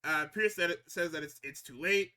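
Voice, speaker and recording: This podcaster's wrestling rundown is casual and full of swearing, delivered in a clean, fairly high voice at a moderate clip. Excitable and quick to laugh, he voices the wrestlers' dialogue as he goes.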